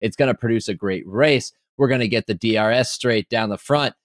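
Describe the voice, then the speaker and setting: A man's voice: lowish voice, brisk, no echo, studio quality. A man co-hosting a podcast, talking in playful, teasing banter. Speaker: podcast co-host.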